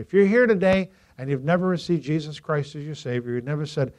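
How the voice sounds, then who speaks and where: A man pastor preaching a storytelling sermon, swinging from loud emphasis to quiet asides. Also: a little high, animated, fairly quick.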